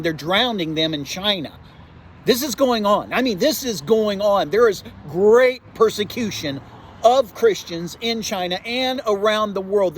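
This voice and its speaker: A man preaching a sermon as pastor, fervent and urgent, dropping low for warnings. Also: slight background noise.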